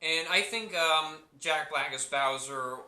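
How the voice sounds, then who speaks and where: A man talks through a movie review in a loose, rambling way, circling back to the same points and restarting his sentences. His voice is strikingly bright and a little high. The room around him adds a clear echo. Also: slow pace. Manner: rambling, repeats himself, many restarts and fillers. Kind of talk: casual spoken review.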